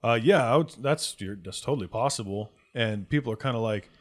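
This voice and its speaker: A man's voice: mid-range voice, fairly quick. A man running a tabletop game as game master, narrating in a loose, rambling way.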